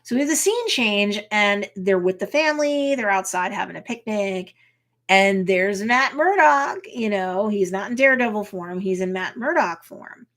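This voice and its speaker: A woman attorney casually recapping and commenting on a TV episode, chatty and lively, acting out characters' lines. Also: mid-range voice, normal speed. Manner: lively storyteller who acts out characters' lines; chatty, with frequent um and you know. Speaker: attorney reacting to a TV series.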